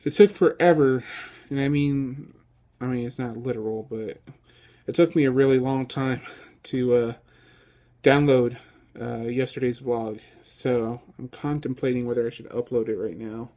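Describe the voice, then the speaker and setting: A man's voice: medium pitch, a little slow. Laid-back man vlogging casually. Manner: easygoing, rambling with many ums and uhs; excitable, gushing. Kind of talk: casual vlog chat.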